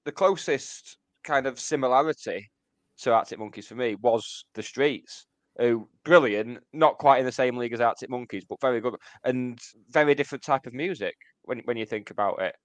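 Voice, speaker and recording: Smooth-voiced man on a podcast. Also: medium pitch, moderate pace, dry recording. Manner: rambling, restarts words, explains for listeners. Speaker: podcast co-host. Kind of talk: casual music podcast chat.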